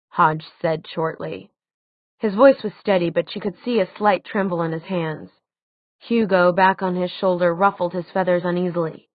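Woman audiobook narrator, lowish voice, measured reading, dry thin phone-like sound. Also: steady tone, no room sound. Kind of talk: scripted fiction narration.

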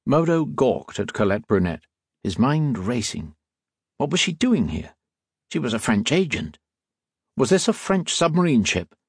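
A man narrating an adventure audiobook in expressive scripted storytelling. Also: medium pitch, measured pace, husky, dry recording, studio quality.

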